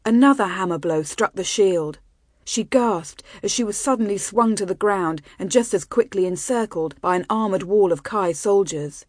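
A woman reading a fantasy novel aloud as an audiobook narrator in an even, measured way on a close mic. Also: medium pitch, no room sound. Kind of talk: scripted narration.

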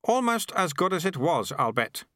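A man voicing a brisk, wry old male sweeper who barks orders. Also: fairly high pitch, big pitch swings, pushed and bright, no room sound, clean studio sound, pitched above the performer's own voice. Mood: satisfied. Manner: barking orders, sardonic.

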